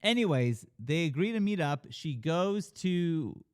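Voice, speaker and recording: A man co-hosting a casual film discussion, retelling scenes with sudden pitch jumps as he acts out characters, with lots of swearing and fillers. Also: a little slow, clear, resonant tone, no room sound, studio quality. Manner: animated retelling, acting out characters' lines with big pitch jumps. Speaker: podcast co-host reviewing a film. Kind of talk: casual chat.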